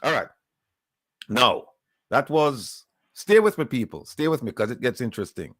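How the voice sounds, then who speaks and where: A man hosting political commentary with a mid-pitched voice and lively, animated intonation, recorded dry and close. He explains step by step, reads quotes aloud and slips in sarcastic asides. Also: normal speed, dry recording. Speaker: host.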